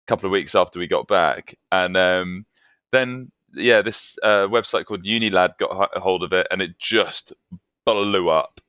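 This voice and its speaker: A man with a very low voice and a bright, forceful edge tells a story as a podcast guest. He rambles casually, stopping on ums and uhs. The sound is dry and close. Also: normal speed, smooth, no room sound. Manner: rambling anecdotal storytelling, filler-heavy. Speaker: podcast guest, metalcore band vocalist.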